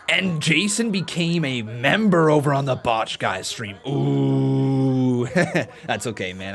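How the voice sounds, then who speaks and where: A man's voice: medium pitch, a bit bright. A man hosting a casual live stream, reading out donations and chatting with viewers, laughing at his own jokes. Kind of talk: casual watch-along chat with live chat.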